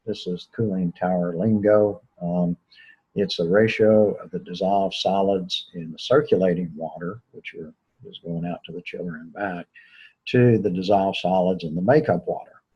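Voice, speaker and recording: A man giving a recorded engineering lecture in a relaxed, conversational way, with many fillers and restarts. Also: deep voice, moderate pace, slightly rough, dull audio.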